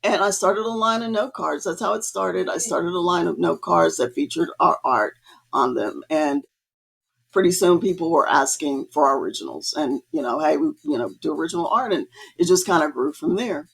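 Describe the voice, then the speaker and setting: Chatty woman artist with a gravelly edge. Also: animated, moderate pace. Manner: chatty, acts out quoted dialogue with rising pitch. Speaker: guest artist. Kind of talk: casual interview storytelling.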